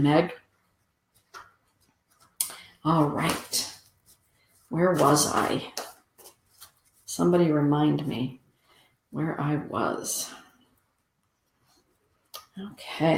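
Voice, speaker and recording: Woman host doing card readings, slow gentle affirming talk, kinda echoey room. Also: low voice, creaky. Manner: slow, soothing and affirming, greets listeners by name. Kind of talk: spiritual card reading for listeners.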